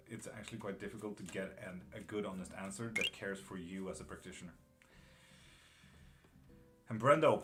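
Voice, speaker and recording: During a casual live-stream tarot reading, a man with a fairly low pitch and fairly bright tone talks bluntly to his viewers. He addresses them by name and throws in the occasional swear word.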